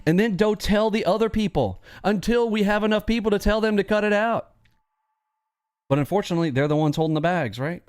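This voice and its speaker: A man's voice: high voice, fairly quick, smooth, no echo, soft background music. A man hosting a live trading stream, talking bluntly in a casual, preachy rant and laughing often.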